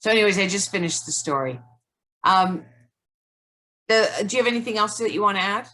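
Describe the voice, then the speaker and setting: A woman's voice: medium pitch, animated, a little fast, bright, forceful tone. A woman co-hosting a casual self-help chat over a video call, reflective and searching, leaning on "like" as she thinks aloud. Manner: reflective, says "like" often. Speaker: co-host.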